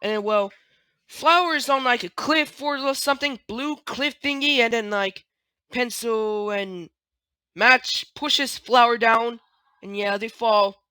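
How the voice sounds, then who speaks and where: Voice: medium pitch, slow, sharp tone, clean tone, no room sound. A speaker casually retelling cartoon scenes in a rambling, hesitant way, full of fillers and restarts.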